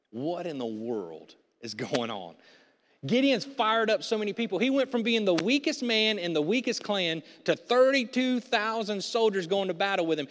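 A man preaching a sermon, telling a Bible story in animated, casual slang and acting out its voices. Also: high-pitched. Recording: long reverb of a large hall.

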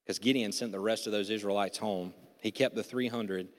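A man preaching a sermon, telling a Bible story in animated, casual slang and acting out its voices. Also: on the low side, fairly quick. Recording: long reverb of a large hall.

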